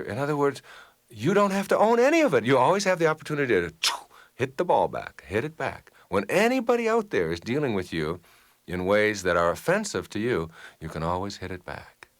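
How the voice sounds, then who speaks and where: A man's voice: on the low side, a little fast. A middle-aged man giving a motivational lecture, telling anecdotes and acting out the people he quotes. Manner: animated storyteller, acts out quoted people. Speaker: motivational speaker.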